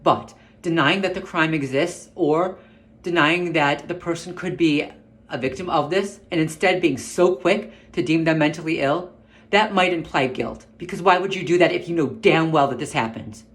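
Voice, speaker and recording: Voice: mid-range voice, moderate pace. Agitated speaker holding back anger. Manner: agitated, restrained anger, repeated restarts. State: upset, on the verge of an outburst. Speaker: vlogger. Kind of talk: angry personal rant to camera. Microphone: camera mic.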